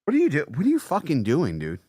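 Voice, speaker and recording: A man hosting a casual live stream, tipsy and rowdy, swearing and laughing loudly. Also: fairly high pitch, wildly swooping pitch, fast, husky, no echo, clean studio sound. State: tipsy from drinking beer. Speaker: streamer, channel host.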